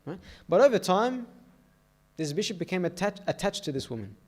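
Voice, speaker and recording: Slightly high-voiced man preaching to youth. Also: big pitch swings, a little fast, a little mellow, breathy edge. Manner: keeps checking in with "okay?" and "all right?". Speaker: youth meeting speaker. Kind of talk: youth sermon with storytelling. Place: church.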